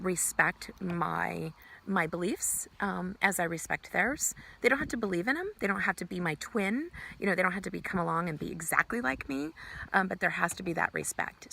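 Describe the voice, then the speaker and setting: A middle-aged woman giving earnest life advice in a casual motivational talk, with many fillers, brightly acting out the greetings she quotes. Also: fairly low pitch, creaky. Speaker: ministry speaker giving life tips.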